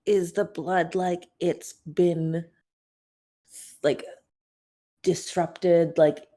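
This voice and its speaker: A woman player at a tabletop game, chatting casually with the group. She talks haltingly and fills her sentences with "like". Her voice sits a little low. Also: steady tone, dark tone. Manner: hesitant, lots of "like".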